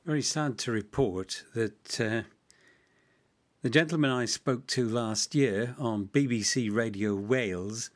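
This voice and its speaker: A man introducing an archive clip in a slow, halting way, often stopping on fillers. His voice sits at an ordinary middle pitch, and he takes his time with each phrase. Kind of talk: spoken introduction.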